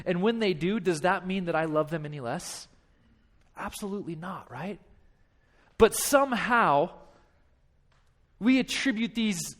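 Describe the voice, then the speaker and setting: Man, pastor, high voice, impassioned repetitive sermon. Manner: impassioned, repetitive preaching with acted-out dialogue.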